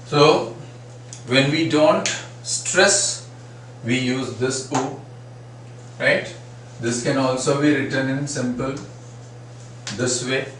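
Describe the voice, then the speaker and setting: A man's voice: mid-range voice, slow, pauses often, a bit bright. A man teaching phonetics, patiently repeating sample words to demonstrate each sound. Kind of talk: classroom lecture. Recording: very echoey room, far from mic, faint noise.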